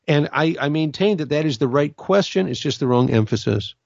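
Speaking a little high and a little fast, this middle-aged Catholic podcast host from Southern California is animated, with vocal fry and a darkish tone. His spiritual talk is casual, earnest and full of restarts, recorded lo-fi with no echo.

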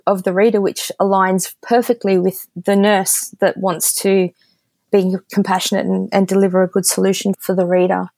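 An Australian woman, a copywriter guest on a podcast, talking in a candid, direct way and telling lively stories. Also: mid-range voice, creaky, no echo. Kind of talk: casual podcast interview.

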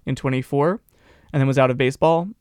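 A man's voice: mid-range voice, steady tone, fast, darkish tone, clean tone, no echo, clean studio sound. A man co-hosting a podcast, chatting casually about baseball history in a rambling, joking way with many fillers. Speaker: podcast co-host.

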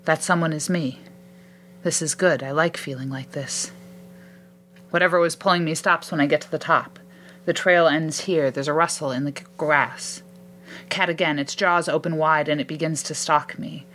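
A woman's voice: low-pitched, fairly even intonation, moderate pace, fairly bright tone, faint music behind. A woman reading a suspenseful first-person story aloud.

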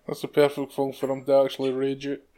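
A man's voice: mid-range voice, monotone, fast, warm tone, a little hiss or hum. A man, a podcast co-host dropping dry quips and short reactions in casual chat.

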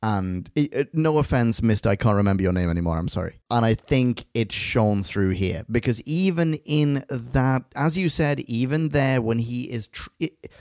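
Casting: gravelly male co-host, mid pitch, rambling and profane, dry close sound. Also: animated, moderate pace, few pauses, darkish tone, no echo. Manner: rambling, swearing, laughs often. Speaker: podcast co-host. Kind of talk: casual chat reviewing an audio drama.

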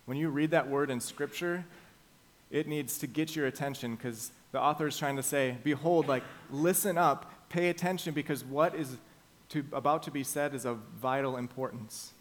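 A male pastor gives his morning sermon in a medium-pitched voice. He is emphatic and lets the key phrases slow down and land. He walks his listeners through the passage point by point. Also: fairly even intonation.

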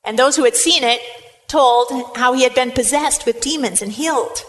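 A woman preacher giving a sermon, retelling a story in a lively way and speaking straight to her listeners. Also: high voice, moderate pace. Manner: lively retelling, addresses the congregation directly.

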